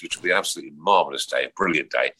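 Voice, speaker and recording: A man's voice: rumbling low, very fast, bright, forceful tone, breathy edge. A middle-aged man hosting a podcast in casual chat, jokey and rambling, with many fillers and restarts. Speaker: podcast host.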